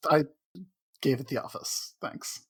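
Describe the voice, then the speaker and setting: A man co-hosting a podcast, chatting casually, making wry deadpan jokes and steering the show's segments. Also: measured pace. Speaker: podcast co-host.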